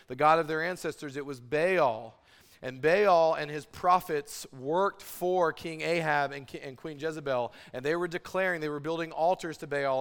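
A male pastor retells a scripture story with lively energy, rising loud for the big moments and dropping quiet for the asides. His voice sits a touch high, and it rings out with a long hall reverb behind it. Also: clean tone. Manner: animated storytelling with dramatic swings in loudness; sarcastic asides and humor. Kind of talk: sermon.

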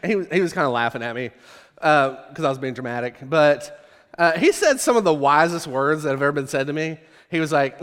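A man's voice: fairly high pitch, animated, brisk, fairly bright tone. A man preaching a sermon, telling a humorous, self-deprecating story to his congregation. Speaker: pastor. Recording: echoey hall reverb.

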